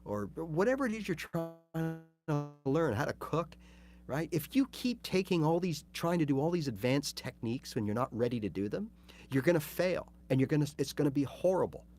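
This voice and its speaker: A man hosting a casual livestream guitar lesson, chatty and animated, acting out little scenes as he talks. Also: a little high, moderate pace. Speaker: guitar teacher.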